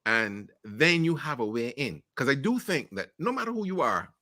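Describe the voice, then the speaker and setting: Blunt middle-aged Caribbean man, bright voice. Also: medium pitch, very animated, normal speed, no echo, studio quality. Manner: frank, blunt storytelling with swearing and jokes. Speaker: podcast guest, marketing executive. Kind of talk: casual interview chat.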